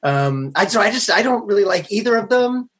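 A man guest on a podcast, chatting in a halting way with stammered restarts. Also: high voice, animated, fairly bright tone, husky. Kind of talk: casual chat.

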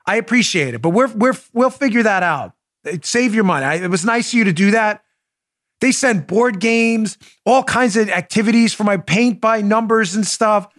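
A middle-aged man from New York delivers heated political commentary in a fairly high voice. He stacks sarcastic rhetorical questions with indignant force. At times he turns soft and confiding with his listeners. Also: normal speed. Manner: swings to soft, confiding asides. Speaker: podcast host.

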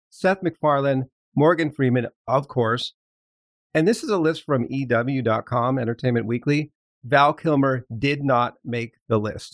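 A man's voice: medium pitch, no room sound. A man hosting a podcast in casual chat, with a wry, joking manner. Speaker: podcast host.

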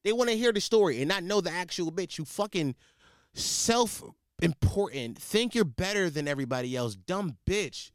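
Man, podcast host, profane comic rant, lively pitch swings, dead dry sound. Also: normal speed, no room sound. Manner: ranting, animated, profane, with frequent restarts. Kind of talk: profane comedic podcast monologue.

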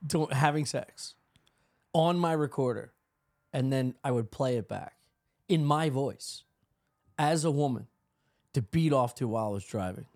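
A man's voice: medium pitch, a little mellow. A man co-hosting a comedy podcast, telling a crude story with lots of laughter in a casual chat. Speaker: podcast co-host.

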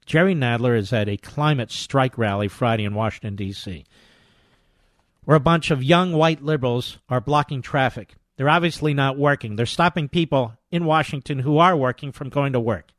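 An older man hosting a talk radio show, delivering a combative, sarcastic monologue that swings between loud jabs and quiet asides. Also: medium pitch, normal speed, dry recording, studio quality.

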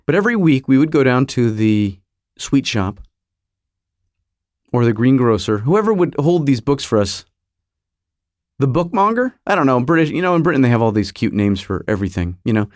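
A middle-aged man from the United States talks alone into the mic as a podcast host, in an even middle register. He wanders through his memories and stops himself to correct what he just said. The recording is close and dry, with no room sound. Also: mid-range voice, normal speed, no room sound. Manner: nostalgic, self-interrupting, searches memory aloud. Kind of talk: rambling monologue.

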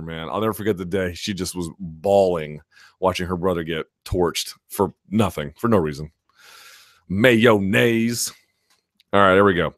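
Low-ish guy rambling thru a story, lots of ums, dry close sound. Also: a bit bright, no echo. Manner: rambling storyteller, many fillers and restarts. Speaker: host. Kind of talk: casual live chat.

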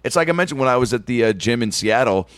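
A man's voice: mid-range voice, fast, no room sound. A man hosting a comedy podcast, telling stories animatedly with plenty of swearing. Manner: animated, profane, storytelling. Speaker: podcast host. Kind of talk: casual comedy podcast banter.

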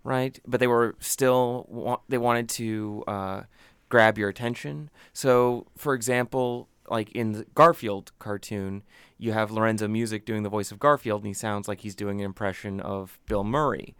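Low smooth-voiced guy, explains stuff, dry teasing, close dry mic. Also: steady tone, moderate pace, a bit bright, no echo. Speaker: podcast co-host. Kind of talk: casual chat, explaining.

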